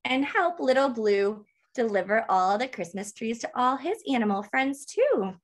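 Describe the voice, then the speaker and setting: A woman reading a picture book aloud to toddlers, animated and sing-song, gasping with excitement and asking the children questions. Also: a little high, unhurried. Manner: asks the children questions throughout. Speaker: toddler book club reader.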